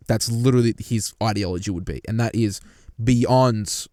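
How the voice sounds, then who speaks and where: This is a profane reaction rant: a young man, acting as a commentator on a story, swears frequently and talks right to his audience while sitting in a parked car. His voice is on the low side at a normal speed, heated and animated, captured with studio quality and no echo.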